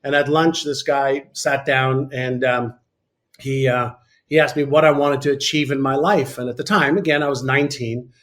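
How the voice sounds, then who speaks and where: A man from Canada telling a candid personal story as an interview guest, animated and full of fillers. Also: mid-range voice, moderate pace. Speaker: podcast guest.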